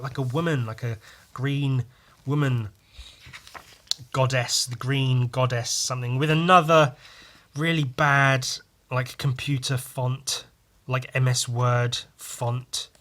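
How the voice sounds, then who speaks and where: Male podcast host: loose, profane, jokey comic-review patter with a bright voice. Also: medium pitch. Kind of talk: casual comic review commentary.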